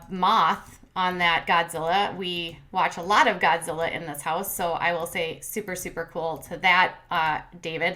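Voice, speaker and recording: A woman's voice: medium pitch, sharp tone. A woman hosting a casual reality TV recap, chatty and opinionated, with lots of fillers and sarcastic asides. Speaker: commentary host.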